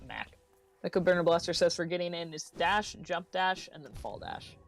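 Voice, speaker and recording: Chill young co-host reading chat, mid-pitched voice, faint game music in the back. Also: brisk. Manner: relaxed, laughs often, gives game tips. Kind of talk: casual chat on a game stream.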